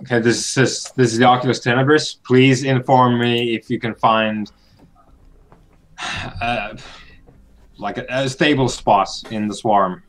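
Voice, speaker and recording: A man's voice: medium pitch, steady tone, a bit bright, close to an everyday voice. A man voicing a composed, formal male starship captain speaking over the comms in a tabletop game. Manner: measured, formal.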